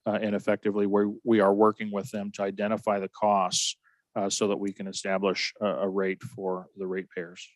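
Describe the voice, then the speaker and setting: A man on city staff giving a measured explanation to the council, hesitating with fillers. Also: fairly low pitch, monotone, dry recording. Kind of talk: formal explanation in a meeting.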